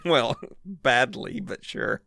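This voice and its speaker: A man co-hosting a podcast, chatting casually and cracking jokes between quick laughs. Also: mid-range voice, sing-song, creaky, bright, forceful tone, no echo. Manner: jokey, quick to laugh, wisecracking. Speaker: podcast co-host.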